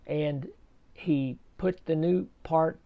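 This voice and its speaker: A man with a fairly high voice and a gravelly edge tells a personal faith story at a slow, unhurried pace. His speech halts now and then, and he often doubles back to repeat a word before going on. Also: phone-quality sound. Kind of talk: casual spoken testimony.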